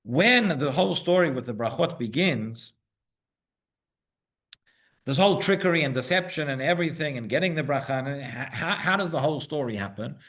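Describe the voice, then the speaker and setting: A man's voice: a little high, animated, normal speed, fairly bright tone. A man teaching the weekly Torah portion to a congregation in a synagogue. He keeps asking rhetorical questions, checks in with "right?", and repeats words as he builds each point.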